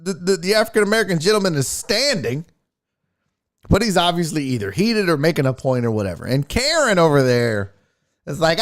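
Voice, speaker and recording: Brief: male sports host, high lively voice, chatty and profane, breaking down a clip. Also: brisk. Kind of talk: casual video breakdown commentary.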